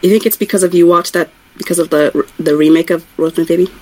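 A woman co-host who talks fast and hedges, filling her sentences with "like" and quick restarts. Her voice is a little low for a woman. The feel is relaxed and conversational. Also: low-quality recording. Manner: rapid, hedging, with many "like"s and restarts. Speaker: podcast co-host. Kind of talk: casual book-club chat.

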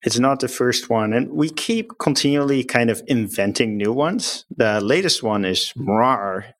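A man's voice: mid-range voice, measured pace, dry recording. A man, a company executive, explaining his firm's ways of working in an upbeat, plain-spoken way as an interview guest.

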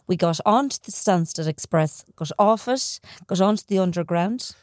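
Woman, gossipy storyteller, lowish pitch, dry close mic. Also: animated, moderate pace, a little mellow, dry recording. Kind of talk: casual podcast chat.

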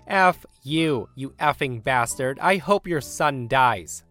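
A rude, entitled mother sneers her words out slowly, put on by a man reading the story. Her voice sits at an ordinary middle pitch, with faint music playing behind. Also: expressive, fairly bright tone. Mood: scornful.

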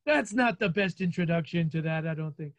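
A man in his forties hosting a casual interview, playful and chatty, with quick asides. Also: on the high side, lively intonation. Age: 40s. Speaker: podcast host.

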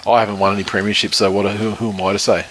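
A man's voice: fairly low pitch, level tone, racing, a bit bright, slight background noise. A man in his thirties, co-hosting a casual sports podcast, rambling and swearing freely. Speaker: podcast co-host.

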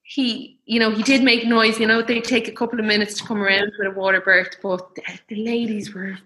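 Young woman, bright voice, soft and emotional, telling her birth story. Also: a little high, little pitch movement, a little fast, poor audio. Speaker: guest.

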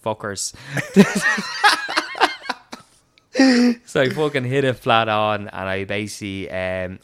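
A young Irish man telling a story in casual chat, animated, swearing and laughing often. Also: lowish voice, a little fast.

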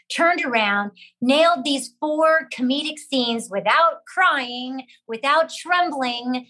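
An actress telling a lively story about her career, acting out other people's lines as she goes. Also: high-pitched, takes it slowly, few pauses, low-quality recording. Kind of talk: animated storytelling with acted quotes.

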